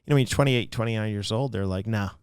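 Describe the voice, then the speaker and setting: A man who is a pastor, speaking as a guest in a casual interview and telling stories in an animated way with frequent restarts. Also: fairly low pitch, very fast, clear, resonant tone, dry recording, clean studio sound.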